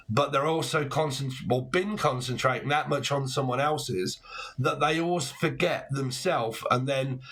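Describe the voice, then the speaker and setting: This casual tarot reading comes from a man in his forties who rambles, makes puns, and curses often. His voice is mid-range, a touch bright, with a breathy edge.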